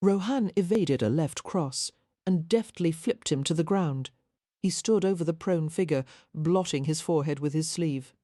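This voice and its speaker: A deep-voiced woman narrates an audiobook from a script, keeping her delivery calm and evenly paced. There's no room sound, just clean studio audio.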